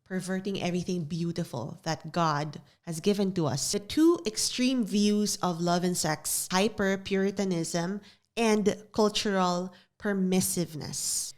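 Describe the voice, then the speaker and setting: A woman's voice: on the low side, measured pace, darkish tone. A young woman hosting a solo podcast in a studio, talking in an earnest, confessional way and repeating phrases for emphasis. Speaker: podcast host. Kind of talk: reflective solo podcast talk.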